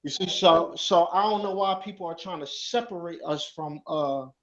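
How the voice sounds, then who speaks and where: A man speaking as a guest on a talk show, explaining in a halting way with many restarts. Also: high-pitched. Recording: dull lo-fi sound.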